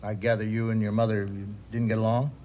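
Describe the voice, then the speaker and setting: An actor playing God as a mild, patient man who asks calm, hesitant questions in a 1970s television drama. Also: lowish voice, quick pace, a little hiss or hum, lightly acted. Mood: gentle.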